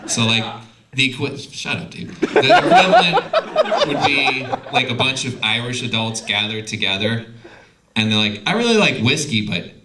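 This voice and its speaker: A young man doing stand-up, swearing freely, with his pitch jumping all over the place. The club recording is soaked in loud, constant background noise. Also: normal speed. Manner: profane, animated storytelling. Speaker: stand-up comedian. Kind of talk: stand-up comedy set. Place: comedy club stage.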